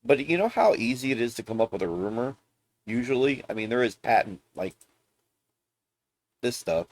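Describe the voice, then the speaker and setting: A man's voice: mid-range voice, expressive, normal speed, dry recording. A man hosting a casual gaming vlog, talking bluntly in rambling rants with plenty of swearing. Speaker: gaming video host. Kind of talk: casual ranting vlog commentary.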